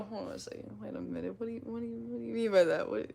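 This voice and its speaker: Giggly Midwestern woman with vocal fry. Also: medium pitch, rapid-fire, dark tone. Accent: slight Midwestern twang. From American Midwest. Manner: giggly, playful, self-teasing. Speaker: streamer. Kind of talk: casual livestream chat reading comments.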